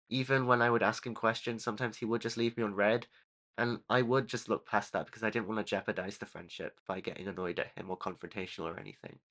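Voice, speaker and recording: A young man in his late teens telling a personal story in a video, hesitant and apologetic, with halting restarts. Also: fairly low pitch, bright, forceful tone. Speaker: YouTuber.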